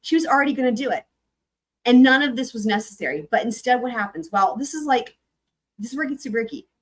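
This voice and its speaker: A woman hosting a live stream, reading court filings aloud and commenting on them in a chatty, animated way. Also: on the high side, fast, rough recording. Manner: chatty, animated, breaks into sung snippets.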